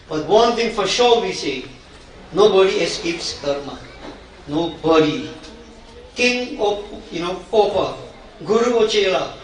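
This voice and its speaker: Echoey high-voiced man preaching at a funeral. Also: a bit bright, slight background noise. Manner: conversational preaching with questions to the crowd. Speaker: Hindu priest leading a funeral. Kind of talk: funeral sermon. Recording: echoey distant livestream sound.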